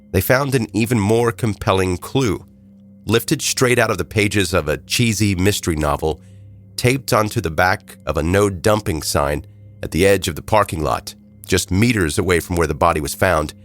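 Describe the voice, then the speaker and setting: A man's voice: low voice, lively intonation, normal speed. A man hosting a true crime podcast, narrating a scripted story with wry, joking asides while he has a head cold. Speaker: podcast host.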